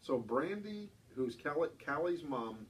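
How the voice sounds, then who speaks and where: A man co-hosting a radio talk show, reading listener emails with animated, laughing asides. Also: a little high, unhurried, recorded from a distance, slight background noise. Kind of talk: casual radio chat.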